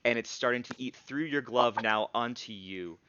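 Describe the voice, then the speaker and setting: A man narrating a tabletop game as game master, halting and thinking aloud. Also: mid-range voice, dull audio, crowd noise. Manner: halting, full of fillers and restarts.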